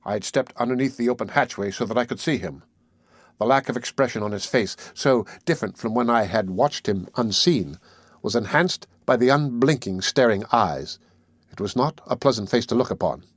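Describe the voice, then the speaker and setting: A man reading a classic novel aloud as a first-person audiobook narrator, steady and measured. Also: mid-range voice, no room sound.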